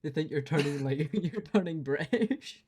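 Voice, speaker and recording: A man hosting a casual chat, teasing his guest with quick jokes and frequent laughs. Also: on the high side, lively intonation, darkish tone, husky. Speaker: podcast host.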